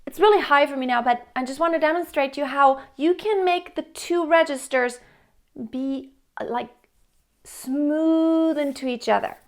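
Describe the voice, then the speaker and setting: Young woman singing teacher, high voice, talks you through it then sings little bits to show. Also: moderate pace. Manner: explains plainly, breaks into sung demonstrations. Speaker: vocal coach. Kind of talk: singing lesson.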